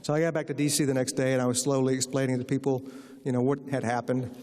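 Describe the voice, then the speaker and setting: A man's voice: mid-range voice, little pitch movement, fast talker, darkish tone. Man telling wry stories in a hall. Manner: wry, anecdotal, acts out quoted voices. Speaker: author giving a lecture. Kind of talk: storytelling lecture with audience Q&A. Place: large lecture hall. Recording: reverberant hall.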